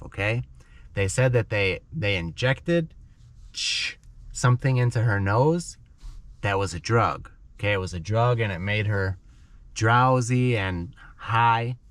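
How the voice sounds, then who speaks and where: A man's voice: fairly low pitch, no room sound. A man teaching English to learners by telling a dramatic story in simple words, often checking in with "okay?".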